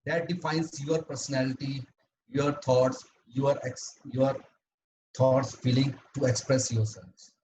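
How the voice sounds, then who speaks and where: A man delivers a prepared talk over a video call, speaking at an ordinary pitch. He is earnest and halting, often stopping to restart a phrase. Faint noise sits under his voice. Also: steady tone, mellow, poor audio. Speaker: club speaker. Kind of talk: prepared educational speech at an online meeting.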